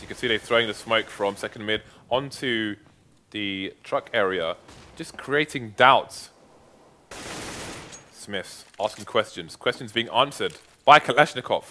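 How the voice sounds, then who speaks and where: A male color commentator on a live esports broadcast, with a bright, forceful tone. He talks with emphatic, playful hype, leaning hard on the players he rates. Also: lowish voice, a little slow, slight background noise.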